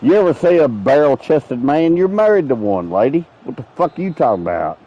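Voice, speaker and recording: A man's voice: medium pitch, big pitch swings, a little fast, dull audio. A man streaming a game, telling rambling, profane stories in casual chat. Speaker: gaming streamer. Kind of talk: casual chat while playing.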